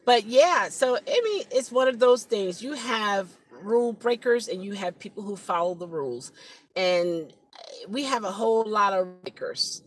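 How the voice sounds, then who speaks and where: A woman's voice: mid-range voice, animated, unhurried, a little hiss or hum, poor audio. A woman vlogging from her car as a rideshare driver, musing reflectively and laughing often. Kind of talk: casual vlog monologue. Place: inside a car.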